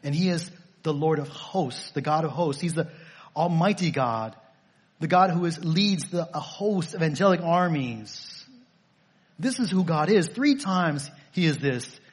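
Husky pastor guy preaching, kinda high voice, repeats himself for emphasis. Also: expressive, a little slow. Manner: emphatic and repetitive, asks rhetorical questions. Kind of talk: sermon.

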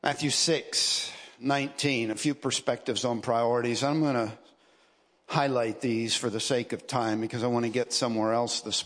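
Male preacher, sermon delivery, slow and emphatic, reverberant church hall. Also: mid-range voice, fairly bright tone. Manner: emphatic preaching with repetition and rising stresses. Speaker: pastor. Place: church sanctuary. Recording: long reverb of a large hall.

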